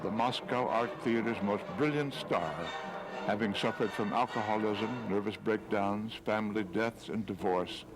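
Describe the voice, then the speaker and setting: A measured male documentary narrator. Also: fairly low pitch, low-quality recording. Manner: measured, formal. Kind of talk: scripted narration.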